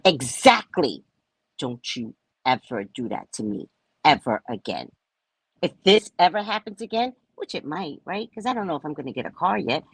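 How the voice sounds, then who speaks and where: Here the host has a low, husky voice at normal speed, telling her story in a relaxed, lively way with acted-out quotes. She swears casually and keeps asking "right?" The audio is poor but has no echo.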